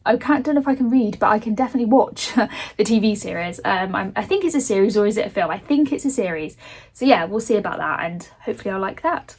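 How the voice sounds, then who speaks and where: A woman vlogger chatting casually about books she wants to read, rambling, laughing often and swearing freely. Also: medium pitch. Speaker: book vlogger. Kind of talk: casual book chat.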